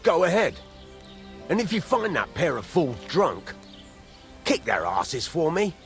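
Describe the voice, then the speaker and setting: A cursing gruff blacksmith. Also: male voice, on the high side, huge pitch swings, a little slow, soft background music, full character voice. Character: gruff middle-aged male blacksmith, grumbling employer. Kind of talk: video game voice acting.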